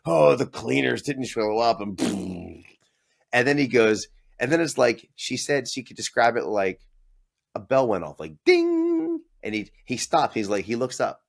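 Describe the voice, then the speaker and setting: A man's voice: fairly low pitch, animated, normal speed, gravelly. A man in his forties, a business owner telling his story in a casual interview, acting out the voices of people he quotes and laughing often.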